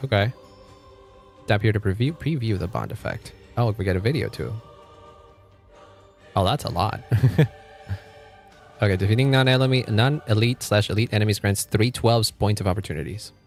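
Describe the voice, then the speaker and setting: This young man's voice is on the low side as he streams a game from home, speaking at a moderate pace broken by long pauses. Faint music plays behind his casual chatter, which is full of swearing and frequent laughter.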